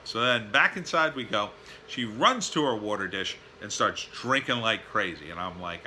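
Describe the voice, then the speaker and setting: Bright-voiced man telling a rambling home story. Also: lowish voice, lively intonation, moderate pace, slight background noise. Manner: rambling, with many fillers and tired sighing asides. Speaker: vlogger. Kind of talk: casual storytelling vlog. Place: at home, backyard and indoors.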